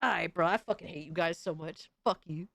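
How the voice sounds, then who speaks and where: A young adult woman streamer doing profane, excitable reaction commentary, often shrieking in disbelief. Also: on the low side, a little fast, creaky, no echo, clean studio sound.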